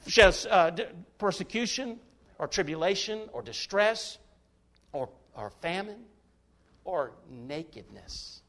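A man's voice: very high voice, fairly bright tone. A man delivers a sermon. He preaches in an emphatic, folksy way, breaking into jokes between quoted verses. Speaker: pastor.

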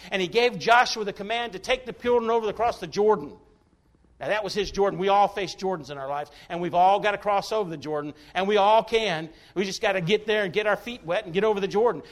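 A man's voice: high-pitched, fairly bright tone. A man delivers a sermon. He preaches in an emphatic, folksy way, breaking into jokes between quoted verses. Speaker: pastor.

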